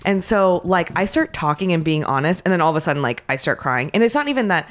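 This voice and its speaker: A woman's voice: lowish voice, animated, fast. A woman co-hosting a podcast, telling a story in casual chat, laughing often and acting out quotes. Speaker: podcast co-host.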